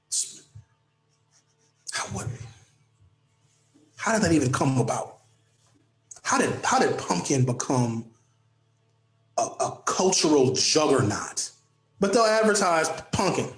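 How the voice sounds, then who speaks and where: A man's voice: a little high, echoey room. A man hosting his own political talk show, delivering an impassioned, preachy monologue with sarcastic asides.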